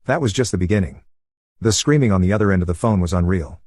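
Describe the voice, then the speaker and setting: Man, low husky voice, even storytelling delivery, dry close voice-over. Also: quick pace, no room sound. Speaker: narrator. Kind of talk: first-person story narration over gameplay.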